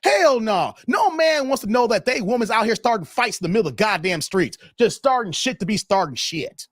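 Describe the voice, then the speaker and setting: A man tells a story to his viewers in a loose, profane rant. His fairly high voice leaps up and down with lively expression. The sound is close and dry, with no room echo. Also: a little fast. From Chicago, USA. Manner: animated, profane, talks straight to viewers. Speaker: YouTube commentator.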